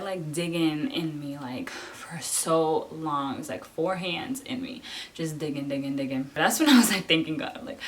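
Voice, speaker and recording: A young woman vlogger telling a personal story in a casual way, animated, often saying "like" and acting out what others said. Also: low voice. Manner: animated, acts out voices of nurses and husband; fills talk with "like".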